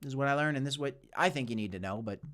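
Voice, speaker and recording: A man's voice: medium pitch, very fast, a bit bright. A man hosting a casual livestream with commentary and Q&A, hyped and chatty, often calling out to "guys". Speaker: crypto channel host.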